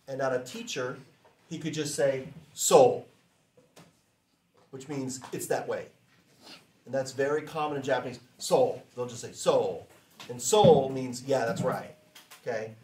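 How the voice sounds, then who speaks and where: A man teaching a class in a relaxed, chatty way, saying phrases slowly for students to repeat. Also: medium pitch, echoey room. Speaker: language teacher.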